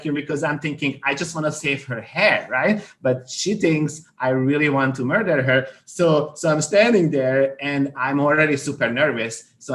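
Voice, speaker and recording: Animated storytelling man, many fillers. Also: medium pitch. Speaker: skin care company president, guest. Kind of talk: casual anecdote telling.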